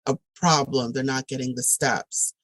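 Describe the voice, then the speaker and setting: A woman's voice: rumbling low, fairly even intonation, moderate pace, dry recording, rough recording. A woman talking on a podcast as a guest, reflective and thoughtful, with many ums and restarts. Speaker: podcast guest, tutoring director. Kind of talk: casual podcast talk.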